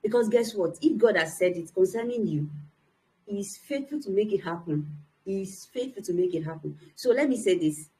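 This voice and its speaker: A woman's voice: medium pitch, expressive, moderate pace, a little mellow, poor audio. A young adult woman, a motivational speaker, giving an earnest, emphatic personal testimony to young people.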